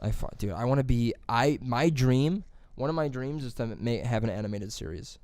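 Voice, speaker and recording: A man co-hosting a podcast, telling rambling stories in casual chat, swearing and acting out quick impressions. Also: mid-range voice, expressive, darkish tone, no echo. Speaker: podcast co-host.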